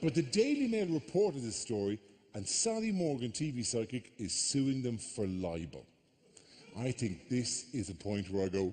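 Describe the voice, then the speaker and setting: Irish comedian in a reverberant theatre. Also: male voice, mid-range voice, normal speed. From Ireland. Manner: animated storytelling with mock outrage. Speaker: stand-up comedian. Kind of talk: live stand-up routine. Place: large theatre stage. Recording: live theatre with long reverb.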